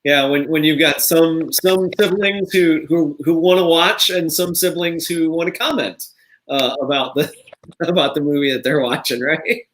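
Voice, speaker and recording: A man's voice: fairly high pitch, normal speed, fairly bright tone. A man hosting a casual online cast reunion, friendly and often repeating words as he restarts a sentence. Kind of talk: casual interviewing chat.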